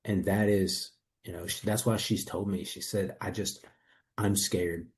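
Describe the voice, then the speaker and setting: A man's voice: sits low, steady tone, a little slow. A man in a testimonial interview, earnestly and reflectively telling his own story as a coaching client.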